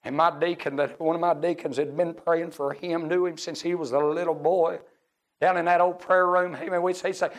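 A middle-aged male preacher with a high, gravelly voice delivers a revival-style sermon in a church service. He is fervent, dropping to hushed storytelling and then climbing to shouts. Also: steady tone, moderate pace.

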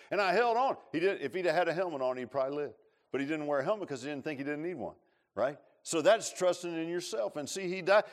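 A man preaching a sermon in a folksy, storytelling way, with sarcastic humor. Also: high voice.

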